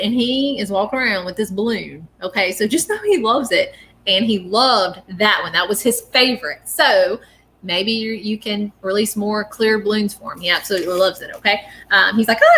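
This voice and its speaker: A woman's voice: medium pitch, moderate pace, a bit bright, slight background noise. A woman giving a live psychic reading at home, talking earnestly and casually with lots of fillers and check-ins. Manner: chatty and earnest, many fillers and "okay?". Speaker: psychic medium.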